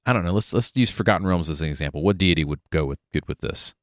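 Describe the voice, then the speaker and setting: A man with a low voice co-hosts a relaxed gaming podcast, talking loosely and tossing in jokes and asides. The sound is dry and close to the mic. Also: no echo. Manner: joking, rambling, quick asides. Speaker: podcast co-host. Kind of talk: casual tabletop gaming chat.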